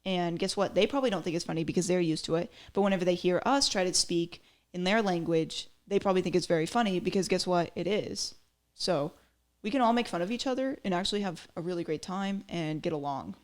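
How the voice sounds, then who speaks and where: A podcast host with a lowish voice talks quickly, offering casual, chatty commentary full of opinions and fillers.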